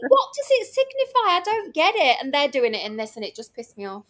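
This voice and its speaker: A woman's voice: high voice, wildly swooping pitch, brisk, a bit bright. A woman chatting on a stream panel, blunt and indignant, swearing freely. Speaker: panel guest. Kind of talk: casual chat.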